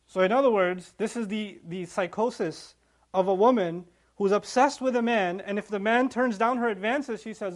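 Brief: high-voiced man, quick animated scripture teacher who acts out the story. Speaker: religious teacher. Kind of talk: scripture lesson.

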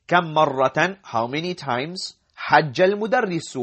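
A man's voice: a little high, moderate pace. A man teaching an Arabic lesson, reading each phrase, repeating it and explaining the grammar step by step. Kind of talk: language lesson, reading and translating.

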